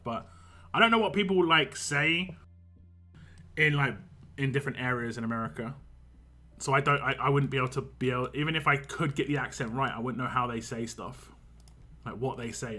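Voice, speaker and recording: Bright-voiced man chatting on stream. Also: medium pitch, a little fast, pauses often, soft background music. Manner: rambling, chatty, laughs a lot. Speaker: game streamer. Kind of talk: casual live-stream chat.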